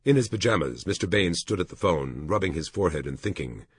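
A man narrating an audiobook in an expressive storytelling manner. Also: low-pitched, a little fast, breathy edge, no room sound, clean studio sound.

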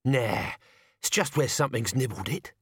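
A man's voice: mid-range voice, lively intonation, moderate pace, a bit bright, slightly rough, dry recording, studio quality. A man reading a storybook, voicing a blunt, cheeky old male servant who talks to his master.

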